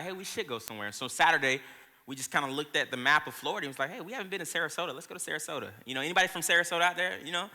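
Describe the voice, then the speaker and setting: Man, pastor, sermon, very bright tone, fairly high voice, casual storytelling, long hall reverb. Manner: casual storytelling with laughs and asides. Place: church auditorium.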